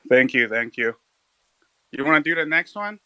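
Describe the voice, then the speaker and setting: A man with a very bright, sharp voice co-hosts an online chat, briskly bringing in the next speakers. The sound is dry and close. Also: mid-range voice, lively intonation, no echo, low-quality recording. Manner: brisk, introducing others. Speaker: co-host. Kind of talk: casual chat.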